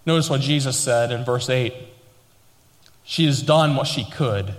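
Preaching man in a reverberant hall. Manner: emphatic preaching, slowing and rising for stress; reads scripture aloud in a lower, quieter voice. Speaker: pastor. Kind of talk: sermon.

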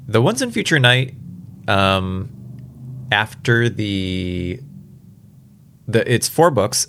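A man's voice: on the low side, fairly bright tone, a little hiss or hum. A man casually talking about books to camera, rambling and chatty with amused asides. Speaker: book vlogger. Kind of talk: casual book talk.

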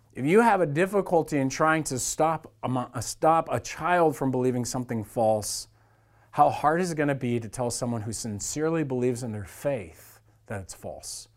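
A man preaching a sermon as a church pastor, talking to the congregation in an earnest, conversational way. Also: mid-range voice.

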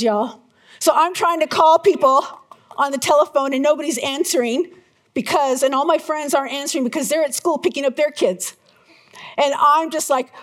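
A middle-aged woman preaching a sermon to her church, telling a personal story with lively, acted-out moments. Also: sits high. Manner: animated storyteller, acts out her own panic in shouts. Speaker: pastor.

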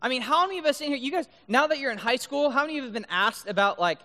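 Youth speaker, male, high and bright voice, playful, keeps asking "right?", long hall reverb. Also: expressive, racing, hardly any pauses. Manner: playful, keeps checking in with the audience. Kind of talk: youth talk with duck call demos. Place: large room full of high schoolers.

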